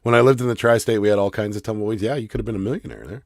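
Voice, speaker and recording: A man co-hosting a casual live stream, hoarse from losing his voice, chuckling as he reads viewer comments aloud. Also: lowish voice, steady tone, very fast, no echo. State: hoarse, voice mostly lost. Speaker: co-host of a live resale stream.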